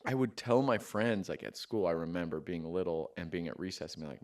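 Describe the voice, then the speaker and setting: A man, a comedian, chatting casually on a podcast and telling stories with lively acted-out quotes. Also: low-pitched, fairly quick. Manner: animated, acts out quotes with sudden loud outbursts. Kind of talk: casual storytelling chat.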